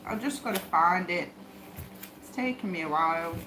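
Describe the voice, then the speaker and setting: A woman's voice: fairly low pitch, normal speed, long pauses, sharp tone, a little hiss or hum. A woman reading tarot on a livestream, talking bluntly and swearing as she rambles to herself. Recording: echoey room with faint ambience.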